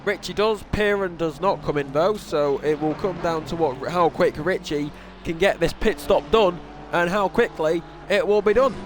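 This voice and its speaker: A young man with a high voice calls a sim race live in a loose, casual way, restarting sentences and poking fun at himself. A faint hum sits behind him. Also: moderate pace. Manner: casual, self-deprecating, with restarts and exclamations. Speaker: race commentator. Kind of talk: sim racing commentary.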